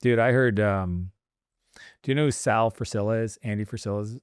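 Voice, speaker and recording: Animated man telling stories, dry sound. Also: fairly low pitch, a little fast, smooth, dry recording. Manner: animated storytelling, acts out dialogue. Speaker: guest entrepreneur. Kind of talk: casual podcast conversation.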